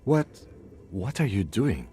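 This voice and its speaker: An actor playing a calm, reserved male police lieutenant in a video game, talking in a dry, patient, understated way. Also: lowish voice, slow pace, slightly rough, exaggerated voice.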